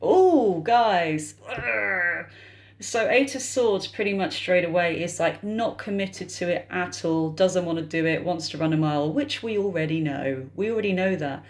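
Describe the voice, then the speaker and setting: A woman's voice: lowish voice, moderate pace, hardly any pauses. A woman with a British accent doing a casual tarot reading, chatting to her viewers and thinking aloud. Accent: British English. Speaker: tarot reader.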